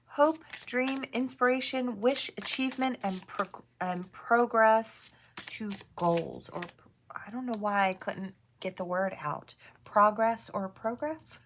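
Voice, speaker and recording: A woman giving a casual tarot reading to viewers, musing aloud in a chatty way with soft asides. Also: medium pitch, a little hiss or hum. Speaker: tarot reader.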